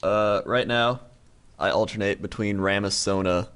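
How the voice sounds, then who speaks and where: Low-voiced laid-back podcast guy. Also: fairly even intonation, a little slow, a bit bright, clear, resonant tone. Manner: laid-back, laughs often, teasing. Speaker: podcast co-host. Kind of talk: casual chat.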